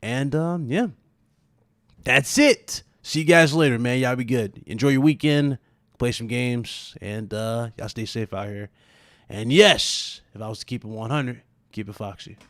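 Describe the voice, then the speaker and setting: A man's voice: mid-range voice, measured pace, fairly bright tone, dry recording, studio quality. A man hosting a podcast in laid-back slangy banter over a remote call, laughing often. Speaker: podcast host. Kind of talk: casual chat.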